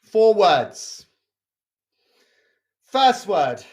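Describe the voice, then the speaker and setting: A drama workshop leader hosting charades on a video call, speaking at an unhurried, drawn-out pace. The pitch swings widely and expressively. Each clue is followed by a patient "okay?" to check the players are keeping up. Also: big pitch swings, a little mellow. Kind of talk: leading a charades game over video call.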